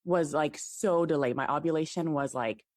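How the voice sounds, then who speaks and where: A young woman with a low speaking voice talks eagerly as a podcast guest, leaning on casual fillers. The sound is dry and close to the mic. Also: normal speed, a little mellow, no echo. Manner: chatty, fillers of "like", enthusiastic. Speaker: guest, fertility app CEO.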